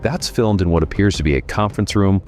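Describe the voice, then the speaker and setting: Male host, deep low voice, wry sarcastic review, faint music underneath. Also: quick pace, darkish tone. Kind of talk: comedic film review.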